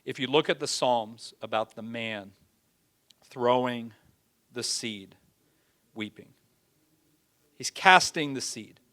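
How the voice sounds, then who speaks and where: A man preaching a sermon, folksy in his phrasing, swinging from loud pleading to hushed, near-whispered lines. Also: medium pitch, slow, long pauses.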